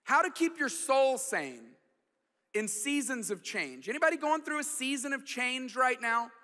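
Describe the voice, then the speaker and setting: A man in his forties telling a self-deprecating personal story in a sermon, with animated delivery and frequent restarts. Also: very high voice, measured pace. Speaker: guest pastor. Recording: long hall reverb.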